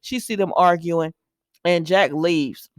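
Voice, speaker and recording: A woman's voice: on the low side, slow, no room sound, studio quality. A woman who recaps a soap opera in casual chat. She retells the scenes by acting out the characters' lines.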